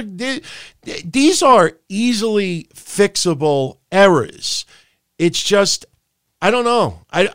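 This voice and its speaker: A man's voice: a little high, a bit bright, no room sound, studio quality. A man hosting a wrestling podcast, ranting profanely and animatedly, with mocking impressions of other people. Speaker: podcast host.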